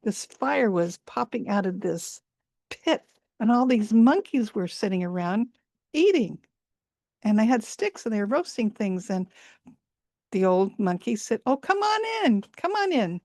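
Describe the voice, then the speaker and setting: A woman storyteller tells a folk tale live over a video call, repeating words for emphasis and lingering on sensory detail. Her medium-pitched voice is animated and warm at a measured pace, recorded dry with studio quality.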